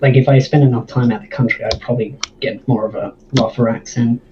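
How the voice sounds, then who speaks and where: A man with a mild Australian accent, a guest in a casual stream chat, relaxed and dryly joking. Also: mid-range voice, a little fast, over a noisy crowd. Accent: Australian, toned down. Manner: laid-back, dry joking. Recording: slightly dull lo-fi mic.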